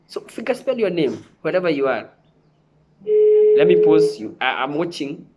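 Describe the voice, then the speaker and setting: A Kenyan sign language teacher gives a televised lesson in a slightly high voice with big pitch swings, speaking unhurriedly and pausing often. He repeats himself and frequently checks that viewers are following, with background noise audible.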